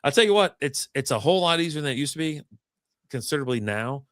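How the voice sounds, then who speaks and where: A man's voice: a little high, lively intonation, fast, a bit bright, no echo, studio quality. A man hosting a casual chat, telling a rambling, profane story and acting out the people in it. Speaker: podcast host.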